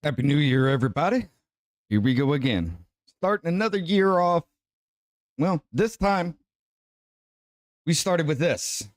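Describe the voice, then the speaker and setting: A man's voice: on the high side, expressive, measured pace, pauses often, no echo, studio quality. A man hosting a podcast, talking in a chatty, casual commentary tone. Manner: chatty and conversational, says y'all. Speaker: podcast host.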